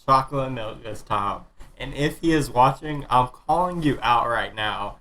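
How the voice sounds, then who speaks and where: A man's voice: mid-range voice, expressive, unhurried, bright, forceful tone, rough recording. A man co-hosting a gaming podcast in casual chat, enthusiastic and playfully calling someone out. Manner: enthusiastic, playfully calls people out. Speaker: podcast co-host.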